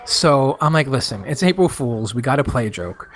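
Animated man telling a story. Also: moderate pace. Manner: animated storyteller, jumps up in pitch for quoted voices. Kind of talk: casual storytelling chat.

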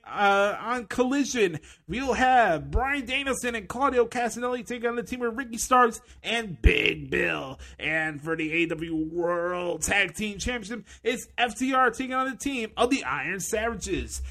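A man doing a mock impression of a hyped-up male wrestling TV announcer who plugs upcoming matches in a booming promo delivery. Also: bright, forceful tone.

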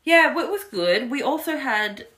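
A woman's voice: sits high, lively intonation, normal speed, a bit bright. A young woman, casually chatting as a podcast co-host, laughing a lot and swearing now and then. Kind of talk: casual chat.

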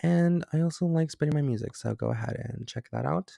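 Jittery young man, gravelly podcast chat. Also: fairly high pitch, fairly quick, warm tone, no room sound, clean studio sound. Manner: rambling, jumpy, with many fillers. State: scared and tired late at night. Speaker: podcast host. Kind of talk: casual solo podcast chat. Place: bedroom at home.

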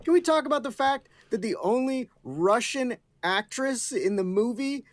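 High, animated man, dry close sound. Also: moderate pace, no echo. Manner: emphatic, exasperated complaints. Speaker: podcast guest. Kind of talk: casual chat.

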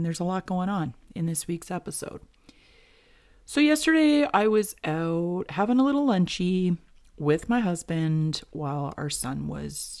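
A woman's voice: on the low side, darkish tone. A woman hosting a podcast, chatting casually and telling gossipy stories about the week's headlines. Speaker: podcast host. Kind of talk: casual chat.

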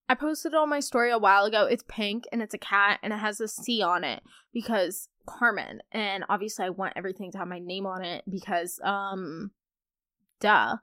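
Young woman, chatty podcast host, fairly high voice, dry close sound. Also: fairly bright tone, no echo. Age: young adult. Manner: chatty, bubbly, full of filler like "oh my God". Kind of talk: casual chat.

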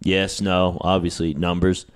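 A man hosting a podcast, joking in a deadpan way and swearing casually. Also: low voice, measured pace, clear, resonant tone. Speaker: podcast host.

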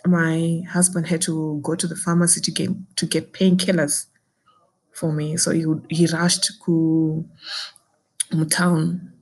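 Intense young Zimbabwean woman, lowish voice. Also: flat delivery, takes it slowly, darkish tone. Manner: intense, indignant, mixes English with Shona. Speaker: podcaster recounting a personal ordeal. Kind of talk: emotional personal storytelling.

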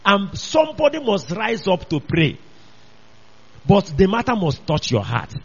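Guy preaching, high husky voice, keeps repeating himself, muffled lo-fi sound. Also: huge pitch swings, unhurried. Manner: emphatic, repetitive, calls out to listeners. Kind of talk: sermon. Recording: dull lo-fi recording.

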